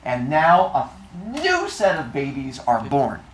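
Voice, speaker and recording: Brief: male storyteller, lively up-and-down delivery, joking, roomy live room with faint hum. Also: medium pitch, slow pace, recorded from a distance. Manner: playful, jokey asides. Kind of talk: comic myth storytelling to an audience.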